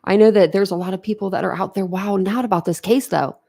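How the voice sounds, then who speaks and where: Gravelly-voiced woman chatting on a livestream. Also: mid-range voice, fast talker, dark tone. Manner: chatty and emotional, laughs often, trails off and restarts. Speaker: host of a true crime channel. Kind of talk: casual livestream chat, reacting to viewer comments.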